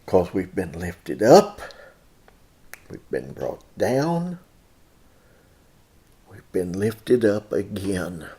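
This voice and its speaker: A man preaching a sermon in a church, who often rises sharply in pitch and loudness. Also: very animated, extremely slow, pauses often. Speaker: pastor.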